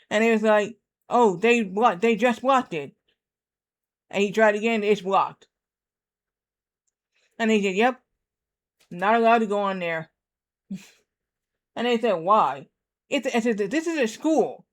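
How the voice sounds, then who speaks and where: A man in his thirties streams a game while casually telling a rambling story, repeating himself a lot and acting out quotes. His voice sits high with a bit of brightness.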